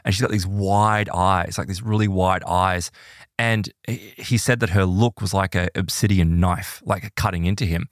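Low-voiced man telling an animated story. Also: moderate pace, dry recording, clean studio sound. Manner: animated, filler-heavy retelling with many "like"s and "right?"s. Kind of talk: casual storytelling.

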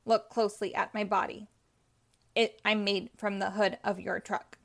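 A polite, clunky old robot from a children's storybook, humble and formal, addressing his elders as sir, as a woman reading aloud puts him on. He sounds earnest and a little louder than the narration, and his pitch sits in the middle. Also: level tone, moderate pace, vocal fry. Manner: deferential, formal.

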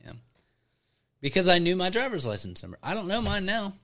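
Young man, Arkansas Southern accent, bright voice, lively pitch, casual, swears, says bro. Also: brisk. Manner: profane, laid-back, says bro a lot. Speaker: podcast co-host. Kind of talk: casual chat.

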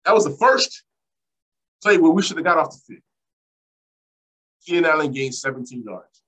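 A man hosting a solo sports podcast, recapping a game play by play in an animated, exasperated way and repeating phrases for emphasis. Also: fairly high pitch, moderate pace, low-quality recording. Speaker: podcast host and fan.

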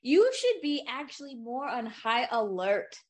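A woman's voice: a little high, very animated, measured pace. A woman co-hosting a podcast in casual chat, ranting with exasperation and plenty of swearing. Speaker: podcast co-host.

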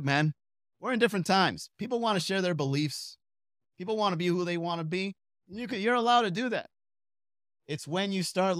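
A man's voice: high voice, a bit bright, no room sound, studio quality. A young man doing a comedic podcast monologue, rambling through stories with digressions. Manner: rambling, digressive storytelling with asides. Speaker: stand-up comedian and podcast host.

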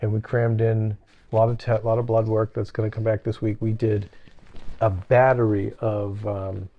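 Middle-aged guy, gravelly low voice, halting casual podcast storytelling, kinda lo-fi sound. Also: little pitch movement. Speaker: podcast co-host. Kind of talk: casual chat.

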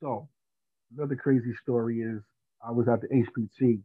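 Animated storytelling man, phone-like sound. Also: mid-range voice, brisk, breathy edge, no room sound. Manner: animated, laughing storyteller with street slang. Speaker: podcast guest. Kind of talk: casual storytelling. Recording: dry tinny phone-like sound.

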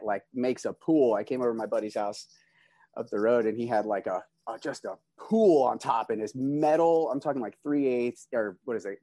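A Californian greenhouse grower chats casually on a podcast about his grow, laid-back and slangy, restarting his sentences often. His voice is fairly low and a little mellow, with no echo in the recording.

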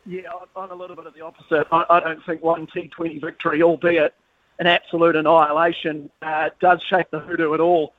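Kiwi guy puffing a bit, excited sports chat, thin phone-line sound. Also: on the high side, brisk, no echo. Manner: enthusiastic, stammering restarts. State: out of breath. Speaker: sports reporter. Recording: tinny phone line, dry.

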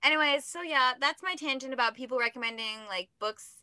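A young adult woman rambles through a podcast tangent with a giggly, self-mocking lilt. Her voice sits a bit high and sounds bright. The recording is close and dry. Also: brisk, clean tone, dry recording. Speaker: podcast co-host. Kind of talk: casual chat.

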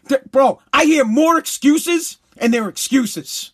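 Very high-voiced ranting man. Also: slow pace, few pauses. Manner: heated, profane, repetitive, bursts into shouting. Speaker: commentator. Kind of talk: ranting commentary.

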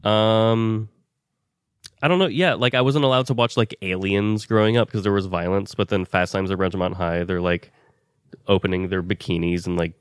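A man's voice: low-pitched, steady tone, normal speed, smooth, no echo, studio quality. A man in his thirties co-hosting a casual comedy podcast, bantering sarcastically and swearing freely. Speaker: podcast co-host.

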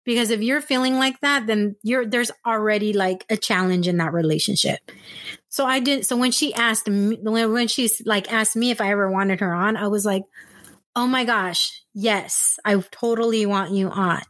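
A woman podcast host from San Diego, telling stories in casual chat and acting out quotes in excited voices. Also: moderate pace, no echo, studio quality. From San Diego, USA. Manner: animated storyteller, acts out quotes with high excited voices.

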